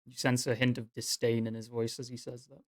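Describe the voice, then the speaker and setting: A man running a tabletop game as game master, narrating in a relaxed, rambling way with fillers. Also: medium pitch, a little fast, no room sound, clean studio sound.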